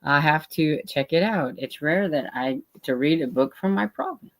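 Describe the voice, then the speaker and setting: A woman's voice: low-pitched, expressive, moderate pace. A woman hosting a reading livestream, chatting casually and reading viewer comments aloud with light laughs. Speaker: host of a reading sprint livestream.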